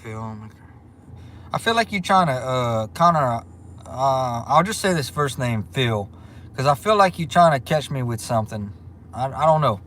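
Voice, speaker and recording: A man from Louisiana with a Southern accent, chatting casually on a livestream and reading out viewer comments in a relaxed, drawling way. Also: medium pitch, a little slow, a little hiss or hum. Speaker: livestream host.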